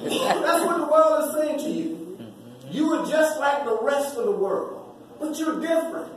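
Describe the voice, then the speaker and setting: Male speaker, very high voice, preaching a parable in rhythmic repeats, distant in a booming hall. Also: expressive, measured pace. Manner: storytelling with repeated rhythmic phrases. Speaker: graduation speaker. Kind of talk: preaching-style speech. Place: large echoey hall. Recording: very echoey hall, distant voice, faint noise.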